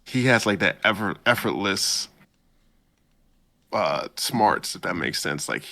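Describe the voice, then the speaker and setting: A man hosting a podcast, casually recapping an anime episode in a laid-back, slangy way and jumping up in pitch to quote the characters. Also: animated, takes it slowly, gravelly, pushed and bright. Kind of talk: casual chat.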